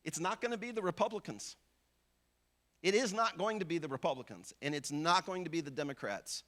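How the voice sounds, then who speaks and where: Male pastor with a high voice, conversational sermon that acts out people's inner thoughts. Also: a bit bright. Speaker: visiting pastor.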